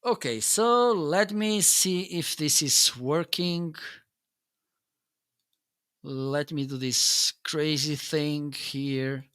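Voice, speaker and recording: A man's voice: a little high, extremely slow, fairly bright tone, smooth. A man hosting a casual livestream, demoing his gear and searching for words as he goes. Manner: hums nonsense syllables while testing. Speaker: livestream host.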